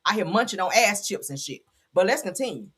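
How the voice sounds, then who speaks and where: A woman's voice: medium pitch, fairly quick, husky. A woman hosting a gossip commentary show, talking bluntly and sassily with plenty of cursing. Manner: blunt, profane, sassy and animated. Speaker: commentary channel host.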